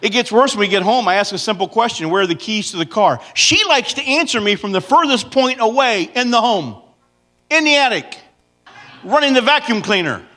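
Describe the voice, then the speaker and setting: Animated high-voiced man in his fifties. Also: a little fast, hardly any pauses. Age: 50s. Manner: animated, swings into loud high impressions of his wife and himself. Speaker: comedian speaking at church. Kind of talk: comedic storytelling to a congregation. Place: church sanctuary.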